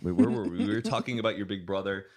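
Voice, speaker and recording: A man's voice: low-pitched, very fast, a loud crowd. A man hosting a podcast, chatting casually with guests and laughing often. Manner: lively, laughing, animated. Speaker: podcast host.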